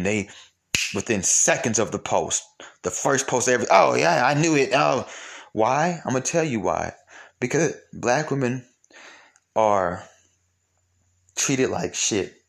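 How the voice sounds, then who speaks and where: A man giving a blunt, profane opinion monologue to his listeners, rambling and full of rhetorical questions. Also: low voice. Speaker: commentator.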